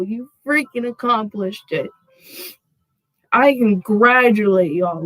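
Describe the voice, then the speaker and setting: A woman reads tarot cards for her audience in an unhurried, drawn-out way, growing emphatic and gushing as each card is revealed. Her voice sits in a middle pitch for a woman. It is recorded close and dry, with no room sound. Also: no echo, low-quality recording. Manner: effusive, addresses viewers as y'all, peppers speech with "freaking"; gets excited and emphatic when revealing cards. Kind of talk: channeled card reading for viewers.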